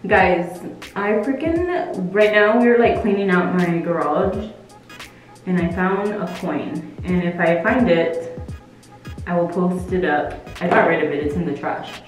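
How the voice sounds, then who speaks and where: Young female beauty vlogger, fake British accent, loose playful chatter; lowish voice, very echoey room. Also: a little slow. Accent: put-on British accent. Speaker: makeup vlogger. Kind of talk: casual makeup tutorial chat. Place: at home. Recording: very echoey room with faint music.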